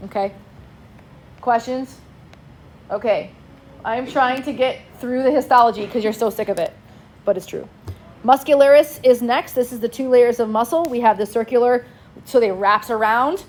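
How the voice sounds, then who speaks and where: A woman's voice: fairly high pitch, a little mellow, a little hiss or hum. A woman teaching a class in a casual, chatty way, prompting students to answer back. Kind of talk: classroom lecture.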